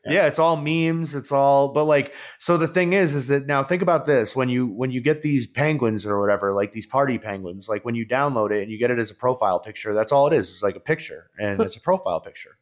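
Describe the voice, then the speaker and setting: A man hosting a podcast in casual chat, rambling and excitable with lots of fillers and swearing. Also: medium pitch, fairly quick, hardly any pauses. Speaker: podcast host.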